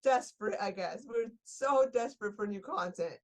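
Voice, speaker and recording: A woman's voice: mid-range voice, moderate pace. A young woman guest on a podcast, telling a story in casual chat, gushing and laughing with lots of filler words.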